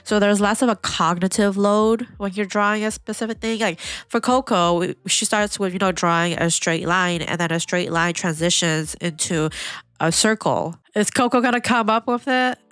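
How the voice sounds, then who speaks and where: A woman hosting an anime reaction video, chatting casually and excitably, with lots of "like" fillers. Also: medium pitch, moderate pace, smooth, dry recording. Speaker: anime reaction channel host.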